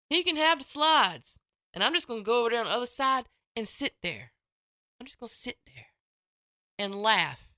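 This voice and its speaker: A woman hosts a morning radio show in a chatty, folksy, playful way. Her voice swings widely in pitch and sounds bright and crisp, recorded dry and close on a studio mic. She takes her time, talking at an unhurried pace. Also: no echo. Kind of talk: casual morning radio chat. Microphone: studio microphone.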